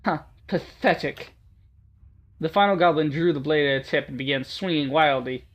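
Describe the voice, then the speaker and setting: A man's voice: on the high side, fast. A gaming YouTuber reads a visual novel aloud and jokes about it. He stumbles through the narration and teases himself for it. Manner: self-mocking, stumbling over reading. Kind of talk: let's play narration and commentary.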